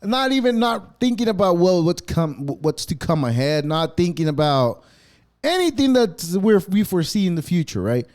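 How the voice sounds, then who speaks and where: A man's voice: sits high, sing-song, moderate pace, darkish tone. A man hosting a podcast, delivering a rambling, sarcastic rant full of swearing. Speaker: podcast host. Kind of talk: profane ranting monologue.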